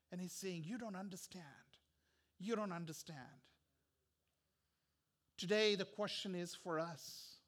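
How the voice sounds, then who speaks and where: High, bright-voiced male pastor preaching. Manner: earnest, repetitive preaching with soft, hushed stretches. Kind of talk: sermon.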